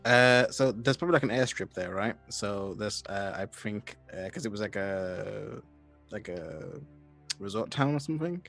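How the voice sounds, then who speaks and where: A man in casual game chat with a lowish, gravelly voice. He hesitates and searches for words, filling gaps with "like" and "um", over faint background music. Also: lively intonation, moderate pace, a bit bright. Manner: hesitant, full of fillers. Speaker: player.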